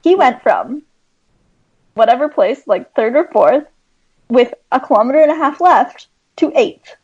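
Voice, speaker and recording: A woman's voice: high-pitched, expressive, a little slow, a little mellow, breathy edge, muffled recording. A woman from Canada co-hosting a casual sports podcast, giggly and teasing. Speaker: podcast co-host.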